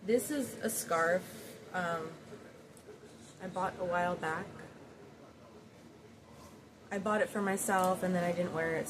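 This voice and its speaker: A woman with a lowish voice chats casually at home, rambling through fillers and repeated phrases as she gushes over things she loves. A steady noisy hiss sits behind her. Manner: gushing, admiring. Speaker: vlogger. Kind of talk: casual chat. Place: home, near closet. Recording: noisy background.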